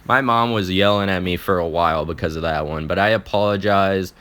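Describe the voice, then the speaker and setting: A man's voice: deep voice, fairly quick, a bit bright, smooth. A young man telling an embarrassing personal story in a casual, profane vlog, often restarting his sentences.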